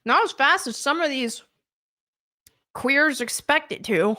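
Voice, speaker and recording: A woman's voice: high voice, expressive, takes it slowly, pauses often, bright, forceful tone. A woman hosting a casual livestream and reading chat, blunt and indignant, with lots of fillers. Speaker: livestream host.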